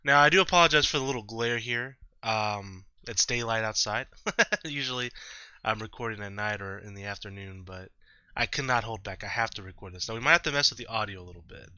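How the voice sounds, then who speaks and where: A man's voice: fairly low pitch, brisk, bright, forceful tone, smooth, dry recording. Chatty man on a lo-fi mic. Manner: rambling, self-correcting, chatty. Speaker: let's-play host. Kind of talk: casual gameplay commentary. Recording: slightly dull lo-fi mic.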